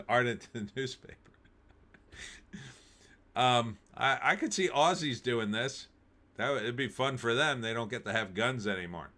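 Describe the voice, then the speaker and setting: A man's voice: medium pitch, expressive, a little slow, long pauses, sharp tone. A man hosting a live stream, reading news aloud and cracking wry, jokey asides with frequent laughs.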